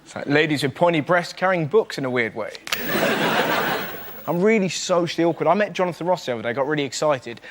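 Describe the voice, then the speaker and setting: A man performing a rapid, animated stand-up routine on a comedy panel show, acting out characters as he goes. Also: fairly high pitch, background noise. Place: TV studio with a live audience.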